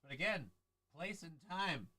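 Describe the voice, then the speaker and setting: A man's voice: fairly high pitch, animated, a little slow, sharp tone, no echo. A man hosting a casual live-stream talk show, rambling and sardonic with many fillers and restarts, on a close mic.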